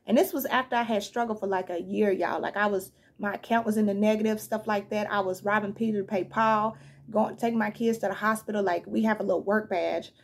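A woman giving a casual tarot reading, chatty and animated, frank and blunt, calling her listeners y'all and baby. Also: mid-range voice, brisk. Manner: frank and blunt, swears now and then. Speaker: tarot reader.

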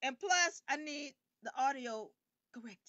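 A woman hosting an online game show livestream. She talks emphatically and sometimes bursts out loudly. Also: high voice, measured pace, no echo, lo-fi sound. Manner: animated and emphatic, bursts into loud outbursts. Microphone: camera rig.

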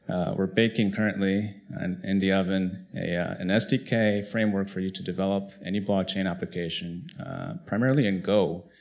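A man speaking briefly and plainly on a conference panel. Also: low-pitched.

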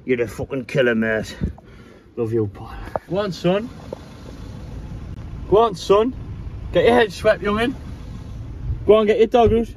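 A man's voice: high voice, lively intonation, measured pace, pauses often, darkish tone, slight background noise. A man walking his dog outdoors on a coastline, chatting casually and coaxing the dog in a sing-song voice, swearing freely.

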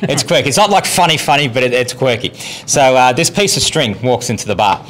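A man's voice: medium pitch, very animated, a little fast, a bit bright, poor audio. Rambling male comedian. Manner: rambling, stumbling joke-telling. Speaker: guest comedian.

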